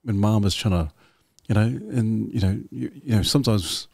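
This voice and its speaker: A man's voice: lowish voice, steady tone, normal speed, gravelly, darkish tone, no room sound, clean studio sound. A man hosting a casual interview, rambling and repeating himself, effusive with praise. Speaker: podcast host.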